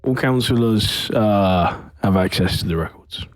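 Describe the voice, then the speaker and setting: A man's voice: lowish voice, unhurried. A man playing a tabletop role-playing game, answering in a laid-back, easygoing way. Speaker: player. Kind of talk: casual tabletop play chat.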